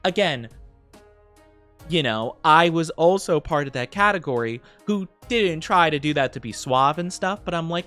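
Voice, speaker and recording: A young VTuber streamer chats casually with viewers in a rambling live stream, laughing a lot and using plenty of fillers. His fairly high, expressive voice has a sharp tone and moves at normal speed, with faint music in the background.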